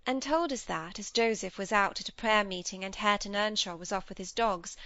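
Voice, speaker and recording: A woman's voice: mid-range voice, a little fast, sharp tone, no room sound, muffled recording. A woman voicing an earnest, headstrong young girl in an audiobook, speaking in a pleading, confiding way. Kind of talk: audiobook character reading.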